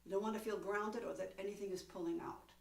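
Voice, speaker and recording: A woman's voice: mid-range voice, fairly even intonation, fast, vocal fry. A woman teaching a one-on-one singing lesson, coaching and demonstrating in an encouraging way. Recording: echoey room, voice from a distance.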